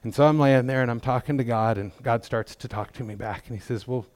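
A man's voice: mid-range voice, fast talker, darkish tone, no echo. A middle-aged man giving a testimony in church, talking in a folksy, conversational way with self-deprecating humor. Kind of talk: sermon testimony.

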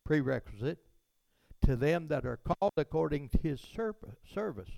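A man's voice: a little high, sing-song, moderate pace, vocal fry, dark tone, dry recording. A man preaching a sermon as pastor in a church, in a preacherly way that swells into fervent rises on words of praise.

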